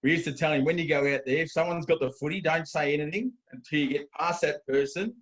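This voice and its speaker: A man's voice: fairly high pitch, fast talker, fairly bright tone. An Australian man, a football coach and guest, telling a funny coaching story in casual chat. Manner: laid-back, laughs at own story.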